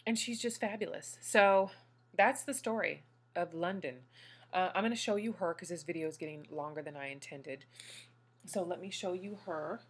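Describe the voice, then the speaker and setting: A woman's voice: lowish voice, normal speed, slightly rough. Gushing woman vlogger, new mom. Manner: gushing and emotional, talks straight to her viewers. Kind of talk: casual talk to viewers.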